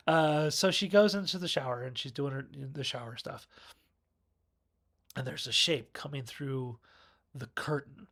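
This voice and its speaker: A man's voice: medium pitch, measured pace, pauses often, a bit bright. A man rambling through a casual, jokey film review on his own video channel.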